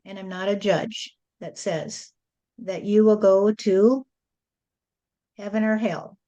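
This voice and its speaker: A woman speaking as a spirit medium in a channeled spiritual address, with a slow, rhyming, sing-song preaching delivery. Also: medium pitch, fairly even intonation, dark tone, poor audio.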